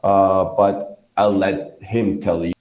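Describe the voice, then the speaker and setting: Taking it slowly in a low, flat, a little mellow voice, a Colombian man hosts a podcast and interviews a guest. He's a native Spanish speaker with a Colombian Spanish accent who fills his speech with hesitant fillers. The room has an echo.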